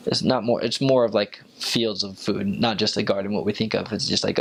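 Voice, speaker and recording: A young man, a returned missionary, telling stories in a relaxed, casual way, with lots of fillers, and jumping up in pitch when he quotes people. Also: fairly quick, vocal fry, few pauses. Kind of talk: casual storytelling.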